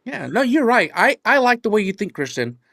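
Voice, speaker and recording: Chatty podcast co-host, fairly high voice. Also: male voice, very animated, fairly quick, creaky, sharp tone, no room sound, clean studio sound. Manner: laughs often, restarts sentences. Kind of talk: casual political chat.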